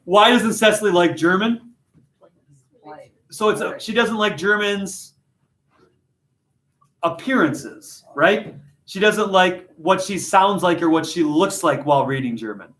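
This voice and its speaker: A man leads his literature class with a slightly high voice. He is animated and jokey and pokes fun at himself. The classroom gives his voice a strong echo. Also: slow pace. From United States. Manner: jokey, animated, self-deprecating. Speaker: high school literature teacher. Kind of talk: classroom discussion and storytelling.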